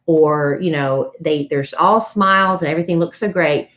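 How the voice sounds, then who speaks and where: A woman's voice: deep voice, moderate pace, fairly bright tone. A woman co-hosting a podcast, chatting casually and telling celebrity gossip like a story. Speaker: podcast co-host. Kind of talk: casual chat.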